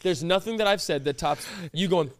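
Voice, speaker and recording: A man's voice: high voice, a little fast. Teasing young man on a podcast. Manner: reacts loudly, teasing. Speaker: podcast co-host. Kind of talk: casual chat.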